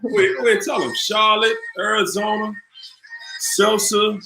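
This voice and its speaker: A man from the D.C. area hosts a casual live stream, greeting viewers by city in an upbeat, chatty way. His voice sits high and bright and he talks at an unhurried pace. The room is echoey, with faint music playing behind him. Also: fairly even intonation. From Washington, D.C. area. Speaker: host of a live online show.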